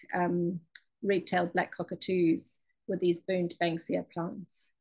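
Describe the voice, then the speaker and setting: Her fairly low, husky voice has vocal fry, and the audio is poor. She's a ceramic and mosaic artist giving a chatty presentation on her art, stumbling through plenty of ums and restarts.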